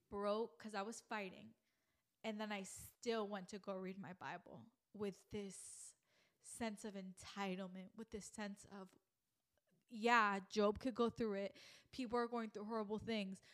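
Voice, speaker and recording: Young female podcast host, lively storyteller who acts out her own thoughts. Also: medium pitch, unhurried. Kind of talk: faith podcast conversation.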